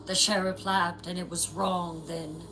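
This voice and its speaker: A woman narrating a horror story in a slow, dramatic scripted style. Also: fairly low pitch, little pitch movement, noisy background.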